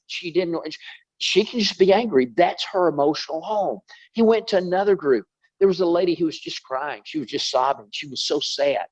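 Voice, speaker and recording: A man teaching a Bible study, telling a story in a lively sermon style and repeating words for emphasis. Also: on the high side, dull audio.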